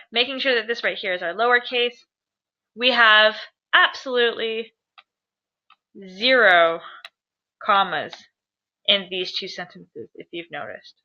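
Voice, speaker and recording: Speaking to the camera, a woman teacher gives a grammar lesson to viewers at home, chatty and upbeat and posing questions as she goes. Her medium-pitched voice has a sharp tone, and the sound is dull and lo-fi.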